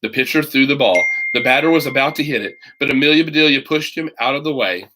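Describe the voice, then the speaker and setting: A man reading a children's picture book aloud with lively voices, now and then stopping to add casual comments of his own. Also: medium pitch, fast talker. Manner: animated reader, breaks in with chatty comments. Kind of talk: storybook read-aloud with asides.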